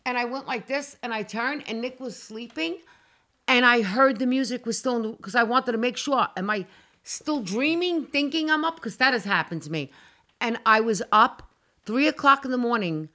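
A woman telling a frightening personal story on a casual talk show, animated and dramatic, acting out her own cries and swearing as she goes. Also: fairly high pitch, normal speed.

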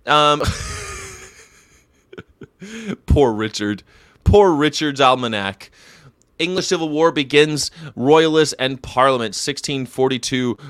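A young man in mid-range pitch hosts a loose, rambling commentary on history facts, irreverent and quick to swear. His voice sits close and dry on the mic, with no room sound around it. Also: lively intonation, a bit bright, clean tone, dry recording. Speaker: show host.

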